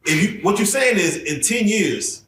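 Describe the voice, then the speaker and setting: Casting note: male podcast host, a bit high-voiced, keyed-up, recorded roomy and off-mic. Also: normal speed. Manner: excitable, interrupts with repeated "wait, hold on". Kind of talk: casual interview chat. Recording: roomy echo, distant from mic.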